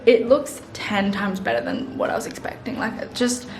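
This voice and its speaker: A young woman in her twenties, gushing excitedly in a casual vlog, with lots of "like" between her words. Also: fairly high pitch, moderate pace, creaky, noisy background. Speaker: vlogger. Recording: background music.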